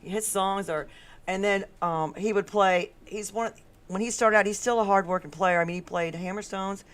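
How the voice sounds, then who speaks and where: A woman hosting a casual talk show, telling stories with lots of laughter in a worn, raspy voice. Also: mid-range voice, normal speed. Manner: animated storyteller, laughs often. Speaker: podcast host. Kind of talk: casual chat.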